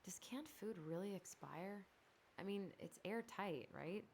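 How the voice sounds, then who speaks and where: A woman's voice: mid-range voice, expressive, a little slow, a little mellow. An actress playing a curious, teasing young woman in a video game. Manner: teasing, inquisitive. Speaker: game character.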